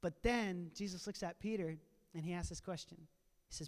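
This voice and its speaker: A man retelling a scripture story in a casual, animated sermon style at a church panel. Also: high-pitched, normal speed. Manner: animated, casual retelling with playful voiced asides. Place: church auditorium. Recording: long reverb of a large hall.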